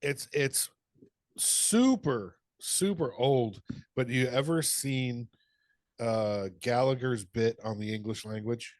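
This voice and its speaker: A man's voice: mid-range voice, slow, no echo. Give me a middle-aged man telling a funny story on a podcast, swearing freely, with a dry close sound. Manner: laughs, swears freely, tells stories. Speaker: podcast co-host. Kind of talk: casual chat.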